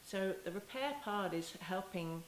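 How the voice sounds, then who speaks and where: A woman teaching parents in a gentle, unhurried way, often restarting her phrases and softly acting out apologies to a child. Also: mid-range voice. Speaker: parenting educator. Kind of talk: talking-head teaching video. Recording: echoey room with faint hiss.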